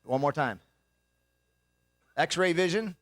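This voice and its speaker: In a banquet hall, a young man performs a comedy routine as the speaker, spinning jokey stories and acting out the voices of the people in them. His voice sits on the high side, animated and fairly bright, and he takes his time. The recording is clean studio sound with no room echo.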